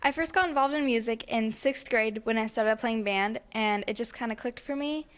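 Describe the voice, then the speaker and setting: A woman's voice: on the high side, normal speed, a little hiss or hum. A teenage girl answering interview questions about herself in earnest, plain answers. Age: teens. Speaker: student interviewee.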